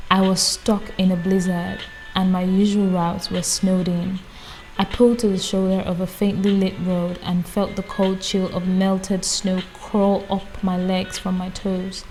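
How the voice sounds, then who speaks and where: A woman's voice: mid-range voice, poor audio. Woman reading aloud with chatty asides. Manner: reads calmly, breaks off for amused personal comments. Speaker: audiobook reader.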